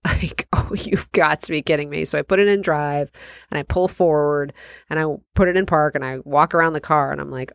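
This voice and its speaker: A woman's voice: low-pitched, gravelly, fairly bright tone, no room sound. Chatty woman telling a story, dry recording. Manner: chatty, self-deprecating, laughs often. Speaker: podcast host. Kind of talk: personal storytelling monologue.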